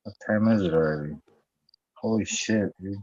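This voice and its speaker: A man's voice: on the low side, normal speed, a little mellow, dry recording, highs cut off. A man in casual podcast chat, goofy and joking, swearing freely.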